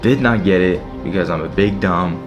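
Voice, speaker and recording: A young man with a low, deep voice talks straight to his audience, grumbling and swearing over an online checkout. He sounds annoyed and exasperated as he talks it through. Faint music plays quietly in the background. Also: normal speed. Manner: frustrated, swearing, talking to viewers. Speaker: streetwear vlogger. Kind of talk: casual live commentary.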